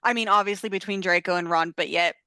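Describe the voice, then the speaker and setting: A woman podcast co-host chatting casually, chiming in with quick agreement and giggles. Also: on the low side, bright, forceful tone, clean tone, no echo. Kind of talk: casual chat.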